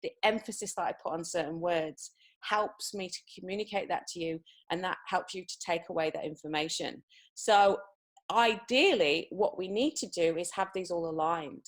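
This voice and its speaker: A woman's voice: lowish voice, normal speed. Upbeat woman coaching over a video call. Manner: upbeat, reads out participants' answers. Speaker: communication coach. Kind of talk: live online workshop. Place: home, wrapped in a blanket.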